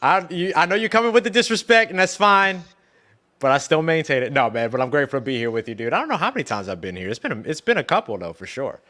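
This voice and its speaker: Man, podcast guest, laid-back and friendly, lively pitch. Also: fast. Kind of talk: casual chat.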